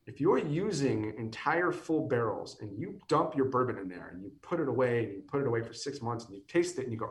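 A man's voice: medium pitch, animated, fairly quick, roomy sound, recorded from a distance. A man in his thirties, a guest on a podcast, talking casually and rambling with many restarts; he sounds tired and is losing his voice. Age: 30s. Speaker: whiskey company guest.

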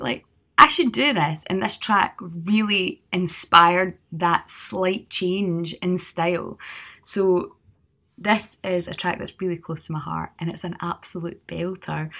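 A woman's voice: lowish voice, measured pace, bright, forceful tone. A woman with a Scottish accent, a singer, talking in a chatty, rambling way with many fillers. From Scotland. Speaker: singer guest. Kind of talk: casual conversation.

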